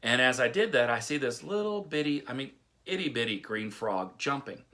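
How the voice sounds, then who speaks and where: Bright-voiced middle-aged devotional speaker. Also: male voice, medium pitch, lively intonation, normal speed. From Texas. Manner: folksy storytelling with chuckles and restarts. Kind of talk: casual devotional talk.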